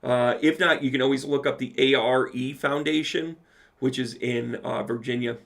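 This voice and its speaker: A man with a gravelly, creaky voice at an ordinary middle pitch hosts a loose livestream Q&A. He reads viewers' comments aloud and chats back to them with quick, playful asides. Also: steady tone, fairly bright tone. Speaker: medium answering live chat questions. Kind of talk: casual livestream Q&A.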